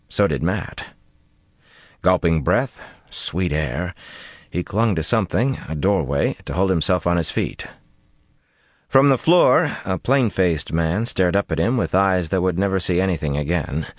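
A man narrating an audiobook in a steady, measured storytelling voice. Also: sits low, no echo, studio quality. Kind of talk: scripted narration.

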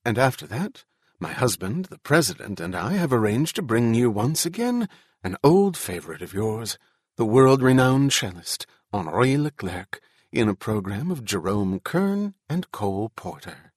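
A man's voice: mid-range voice, very animated, a little slow, husky, no room sound, clean studio sound. A man voicing a gracious First Lady speaking on television in a polished announcing manner.

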